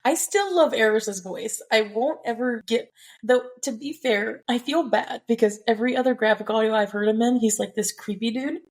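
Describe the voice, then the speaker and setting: A woman's voice: on the high side, normal speed. A woman co-hosting a podcast, chatting casually about a book and audio drama, laughing often and acting out quotes in little voices. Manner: animated, giggly, acts out quotes. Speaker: podcast co-host.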